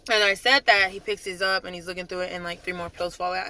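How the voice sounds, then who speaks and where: A young adult drill sergeant retells events in a loose, talkative vlog style, full of "like" and quick asides. The voice sits at a middle pitch with a bright, forceful edge. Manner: chatty, animated retelling with frequent "like". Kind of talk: casual storytelling vlog.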